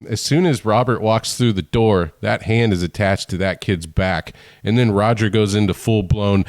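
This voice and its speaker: A man's voice: lowish voice, normal speed, few pauses, no room sound. A man in his forties co-hosting a podcast, laid-back as he recaps a movie with dry wisecracks. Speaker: podcast co-host. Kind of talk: casual movie discussion.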